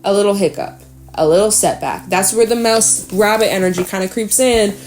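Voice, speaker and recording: A woman's voice: medium pitch, normal speed, a little mellow, faint music behind. Chatty, encouraging woman giving a tarot reading. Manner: chatty and encouraging, acts out worried inner voices, swears casually. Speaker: tarot reader.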